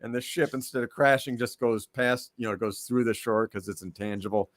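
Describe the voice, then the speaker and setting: A man's voice: mid-range voice, brisk. Wry man telling a comic story. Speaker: guest cartoonist. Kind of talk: casual chat on a live stream.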